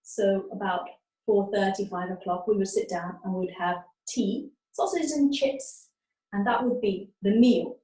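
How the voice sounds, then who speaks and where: A middle-aged woman from England teaching learners in a slow, deliberate way, often checking that they follow. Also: medium pitch, mellow, distant mic. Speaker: webinar teacher. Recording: echoey room, speaker off-mic.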